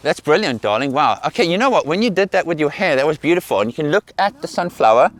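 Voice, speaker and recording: Out in a field, a middle-aged portrait photographer directs a model during a shoot, praising every pose with the same encouraging words over and over. His fairly high voice is very animated and fast, and the recording is dry.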